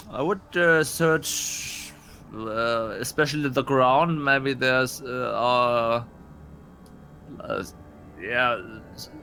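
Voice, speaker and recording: A man playing a tabletop game, speaking in a halting, hesitant way full of fillers and restarts. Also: mid-range voice, bright, forceful tone. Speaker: player.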